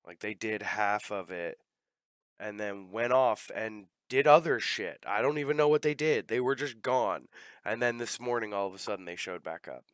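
A man's voice: lowish voice, moderate pace, a bit bright, dry recording. Rambling, profane man, dry sound. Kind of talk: casual chat.

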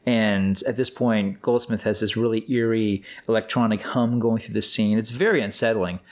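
A man's voice: on the low side, fairly even intonation, moderate pace, darkish tone. Man co-host sharing movie trivia. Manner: film-buff commentary with many restarts and asides. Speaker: podcast co-host. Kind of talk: casual film discussion.

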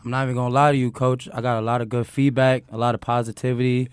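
A young man co-hosting a casual podcast as a basketball player, relaxed, playful and slangy. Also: mid-range voice, quick pace, smooth, no echo, studio quality. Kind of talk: casual chat.

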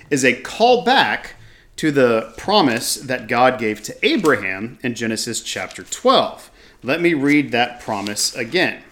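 Man, bible teacher, reads verses then comments, bright clear tone, animated. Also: medium pitch, takes it slowly. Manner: reads passages aloud then comments with restarts and musing asides. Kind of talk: scripture reading with commentary.

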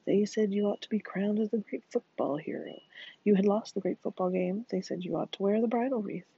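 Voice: mid-range voice, steady tone, brisk, creaky, mellow, slightly rough, dry recording. A narrator voicing a bitter, jealous young wife who mocks in a singsong way, in a dull lo-fi recording. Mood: mocking.

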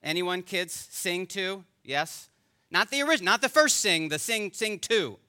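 Guy pastor preaching, high bright voice, earnest, gets loud and animated on the big points. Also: a little slow, smooth. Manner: earnest, builds to emphatic animated peaks; addresses children in the congregation directly. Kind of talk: sermon.

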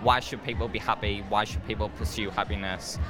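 Young guy, lowish voice, thoughtful n a bit umm-y, loud music behind. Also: fairly even intonation, a little fast. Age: young adult. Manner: earnest, thoughtful, some hesitation. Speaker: interviewee, graduating film student.

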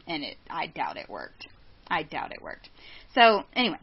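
A woman's voice: sits low, wildly swooping pitch, normal speed, slightly rough. A woman co-hosting a podcast, telling a story in blunt, sarcastic, profane casual chat. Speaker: podcast co-host. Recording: dull lo-fi sound.

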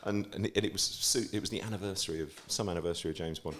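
Male guest impressionist, fairly low voice, animated anecdote teller, faint background noise. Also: racing. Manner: animated storyteller, jumps between anecdotes. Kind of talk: casual podcast chat.

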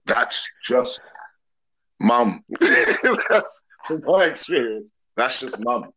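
A man's voice: fairly low pitch, expressive, slow, fairly bright tone, low-quality recording. A man, a podcast guest talking openly and earnestly in long reflective thoughts. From England. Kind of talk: open casual conversation.

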